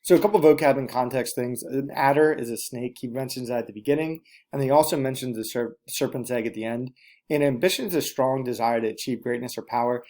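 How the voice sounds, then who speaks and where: A man's voice: mid-range voice, fairly quick, a little mellow. Man teaching a recorded class lesson. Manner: direct, repeats instructions, addresses students.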